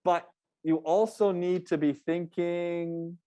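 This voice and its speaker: A man's voice: high-pitched, steady tone, slow, mellow, clear, resonant tone, no echo. A man teaching a public speaking class, giving feedback in a loose, conversational way with frequent restarts. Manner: conversational, restarts often, coaching tone.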